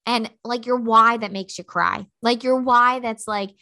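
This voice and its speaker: A woman's voice: on the high side, steady tone, measured pace, pushed and bright. A woman in her thirties hosting a motivational podcast, talking bluntly and emphatically with lots of fillers. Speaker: podcast host.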